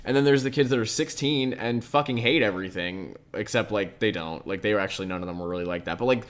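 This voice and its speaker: A young man with a low voice tells a story in loose podcast chat. He rambles, fills nearly every phrase with "like" and swears casually. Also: quick pace. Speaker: podcast co-host.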